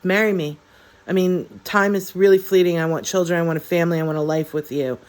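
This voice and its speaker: A woman's voice: fairly low pitch, fairly even intonation, a little fast, lightly acted. A woman voicing a pleading young man, her fiancé, who talks insistently and repeats himself.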